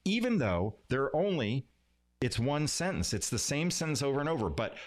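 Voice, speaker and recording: A man coaching viewers on communication in a live stream. His voice is lively and sits at a middle pitch. He breaks up his tempo, drops to a softer voice, and leans on single words for emphasis. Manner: animated, plays with pauses, pitch and emphasis. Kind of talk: live-streamed lesson, talking to camera. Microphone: streaming setup.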